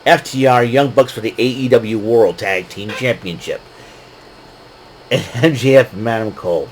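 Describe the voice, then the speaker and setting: Male host, mid-pitched, loose rambling recap with laughs and a faint background hum. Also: moderate pace, rough recording. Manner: rambling, laughs often, hesitant fillers. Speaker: podcast host recapping wrestling. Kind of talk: casual recap.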